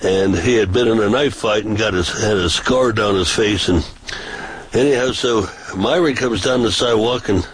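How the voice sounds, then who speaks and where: Breathy man telling street-preaching stories. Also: normal speed, rough recording. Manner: animated, pitch jumps for quoted voices. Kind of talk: casual storytelling.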